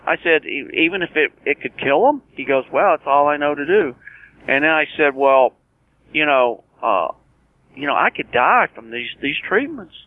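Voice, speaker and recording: A man's voice: a little high, expressive, moderate pace. A man in his sixties, a guest telling his story of surviving cancer in an earnest, plain-spoken way, often restarting his sentences and acting out past conversations. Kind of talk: personal storytelling interview. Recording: tinny phone line.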